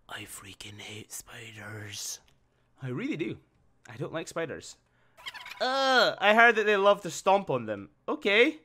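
A man commentating his own video game playthrough with excitable, panicky reactions. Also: sits high, slight background noise. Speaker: gaming video host. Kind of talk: let's play commentary. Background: faint game music.

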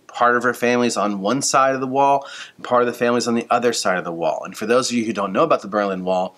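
A man's voice: medium pitch, sharp tone. A school librarian, a man, giving an upbeat, casual book talk to his students with playful asides.

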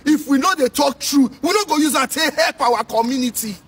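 A man from Edo State with a Nigerian Pidgin English accent, delivering a loud, sing-song scolding commentary. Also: very high voice, fairly quick. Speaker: social commentator. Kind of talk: ranting commentary. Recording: distant mic with faint noise.

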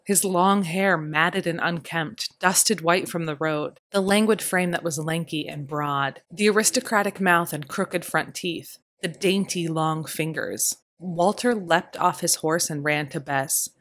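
A woman with a lowish voice reads a historical romance novel aloud. Her narration is measured and steady, easing softer in the tender passages. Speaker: audiobook narrator. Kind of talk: scripted narration.

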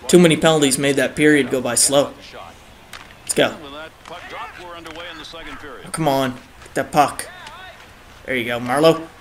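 A young man giving excitable live commentary on his own video game match, groaning and cheering at each play, his throat a bit dry. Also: a little high. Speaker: gaming channel host.

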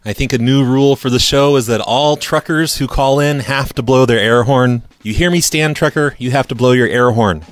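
A man's voice: mid-range voice, moderate pace, hardly any pauses, no room sound. A man hosting a radio show, casually reacting to voicemails with dry, sarcastic asides.

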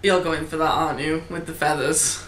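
Teasing, bright-voiced gaming sidekick. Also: mid-range voice, fairly even intonation, normal speed. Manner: teasing, laughing, giving tips. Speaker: co-player and guide. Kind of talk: casual chat. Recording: echoey room with faint noise.

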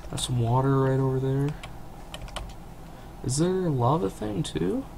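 A young man drawls slowly through casual let's-play commentary, rambling and poking fun at himself. His voice sits at an ordinary pitch. A cheap home mic adds a steady hiss, with keyboard clicks behind him. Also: creaky. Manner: rambling, self-deprecating, chatty. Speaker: gaming channel host. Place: home room at a computer. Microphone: cheap desktop mic near keyboard. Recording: noisy low-budget home recording.

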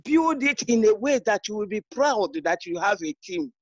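A woman's voice: mid-range voice, animated, moderate pace, darkish tone, no room sound. A woman director giving an emphatic, exhorting motivational speech on an online call. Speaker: network marketing director. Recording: dry, dull lo-fi call audio.

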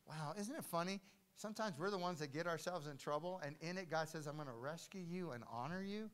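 An older man preaching a sermon as pastor in a church, swinging from hushed storytelling to loud declarations. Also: fairly high pitch, brisk. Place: church hall.

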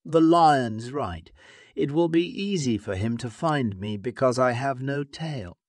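A man's voice: mid-range voice, animated, measured pace, dry recording, studio quality, voice pushed up. A man voicing a sly female monkey who fibs and pleads innocently, read out in a storybook tale for learners. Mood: worried. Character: sly female monkey, quick-talking and fibbing.

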